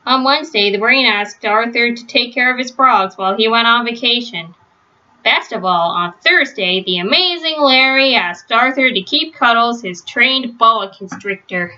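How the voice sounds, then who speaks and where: A woman reads a children's storybook aloud in a steady, gentle way. Her voice is bright and a little high. The home recording is dull and muffled. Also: moderate pace. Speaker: storybook reader. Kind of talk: children's read-aloud narration.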